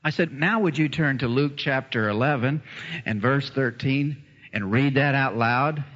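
Preaching a sermon at a slightly slow pace, a man with a medium-pitched voice tells an animated story and acts out the voices of its characters. The dull, lo-fi recording has a big-room sound.

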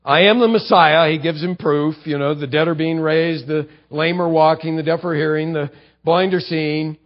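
A man with a somewhat high voice gives a conversational sermon. He acts out quotes along the way and sinks low and soft to land his points. The recording is muffled and lo-fi. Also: flat delivery, moderate pace. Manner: conversational preaching with acted-out quotes and emphatic drops in pitch. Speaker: pastor.

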